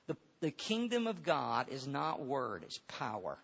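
Husky-voiced male preacher, dull recording. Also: medium pitch, huge pitch swings, measured pace, few pauses, fairly bright tone. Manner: earnest, repeats words and restarts often. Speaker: pastor. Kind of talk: sermon with personal story.

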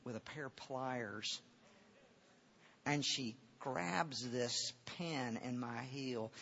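A man's voice: medium pitch, vocal fry, fairly bright tone, husky. A man preaching a sermon and telling a personal story, earnest, often repeating words and restarting. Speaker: pastor. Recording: dull lo-fi recording.

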